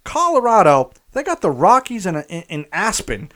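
Laughing, jokey man, a bit high. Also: huge pitch swings, moderate pace, fairly bright tone. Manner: jokey, laughs often, riffs on scenes. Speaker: podcast co-host. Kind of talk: casual comedic movie chat.

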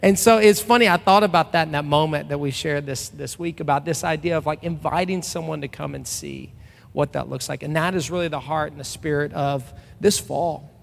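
A man in his thirties gives a relaxed, chatty sermon in a church sanctuary. His voice sits a bit high and has a gravelly edge. A long reverb trails his words around the hall. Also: a little fast. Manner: loose and personal, with frequent restarts and fillers. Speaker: pastor. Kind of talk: casual conversational sermon.

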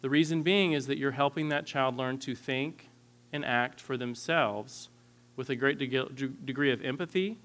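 A man in his thirties giving a candid, earnest lecture on parenting styles, often clearing his throat. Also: mid-range voice, moderate pace, fairly bright tone. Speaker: parenting instructor.

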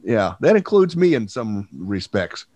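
A man hosting a casual podcast, his voice husky from a cold, rambling and wry with many fillers. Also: lowish voice, very animated, unhurried, a little mellow, no room sound. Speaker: podcast host.

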